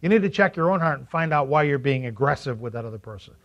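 A man preaching a sermon as pastor, animated, asking the congregation questions and acting out quotes in funny voices. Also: medium pitch, fast talker. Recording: dull lo-fi recording.

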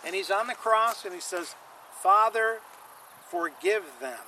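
A male pastor delivering a sermon in a high, bright voice. He leans hard on key lines, repeats them for weight, and draws the congregation in. A faint hiss of noise sits underneath. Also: animated, a little slow, low-quality recording. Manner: emphatic, repeats lines for stress, calls on the congregation.

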